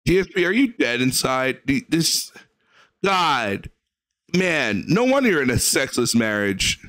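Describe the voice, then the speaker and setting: A man's voice: medium pitch, very animated, unhurried, fairly bright tone. A man hosting a reaction video, ranting and mocking the gameplay he watches with profane sarcasm. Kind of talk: mocking commentary over gameplay.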